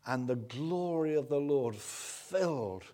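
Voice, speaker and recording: A man preaching a sermon, retelling a story with swings from quiet to loud and many restarts. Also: medium pitch, lively intonation, slow pace.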